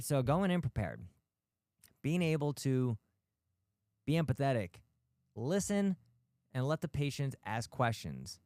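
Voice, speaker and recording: His medium-pitched, slightly mellow voice sits in a clean studio sound with no room ambience. A physical therapist hosting a podcast for healthcare practice owners, he speaks bluntly and emphatically, throwing out rhetorical questions and now and then a swear word.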